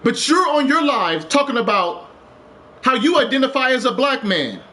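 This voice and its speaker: A man's voice: very high-pitched, sing-song, moderate pace, sharp tone. A man streaming a game live, ranting with passion, repeating himself and swearing. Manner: impassioned, repetitive, swears, rising to urgent.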